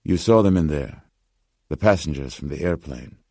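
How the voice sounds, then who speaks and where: A man's voice: very deep voice, animated, no room sound, studio quality, full character voice. A man doing a grave old pawnbroker, Slavic-tinged. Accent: Slavic-tinged, as put on. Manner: slow, grave, hushed insistence. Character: anxious old male pawnbroker, formal.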